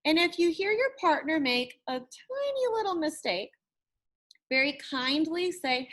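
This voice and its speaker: In a recorded lesson, this encouraging woman teacher models words by repeating them and drawing out their sounds, offering slow, lengthened praise. She has a high, fairly bright voice with lively intonation.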